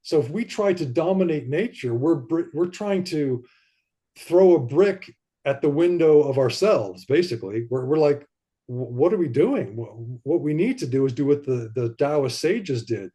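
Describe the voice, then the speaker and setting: A man talking as a podcast guest in casual conversation, rambling and animated, and sometimes acting out the voices he quotes. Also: on the high side, measured pace, breathy edge.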